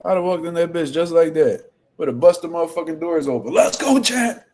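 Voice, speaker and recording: Profane, fast-talking Philly man. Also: on the high side. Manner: profane, animated trash talk. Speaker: boxing commentary host. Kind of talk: casual reaction commentary.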